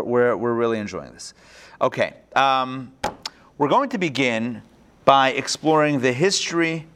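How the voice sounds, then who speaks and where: A man with a mid-range voice, a rabbi, teaches a live class online via video call. He comes across as lively and talkative, often musing aloud and starting his sentences over.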